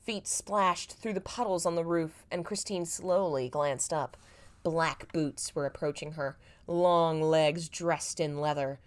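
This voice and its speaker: Woman host, lower voice, reads her old story with wry asides. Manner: self-mocking, laughs at her own writing. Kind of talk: live reading with joking asides.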